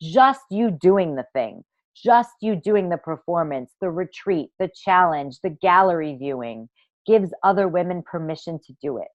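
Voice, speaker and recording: A woman leads an online masterclass for women with a theatrical, gushing delivery and casual swearing. Her pitch leaps and dips with lots of movement. The audio is dry and a little dull, like a basic computer mic. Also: animated, normal speed, dry recording. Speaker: online workshop host and women's coach. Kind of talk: live online masterclass talk.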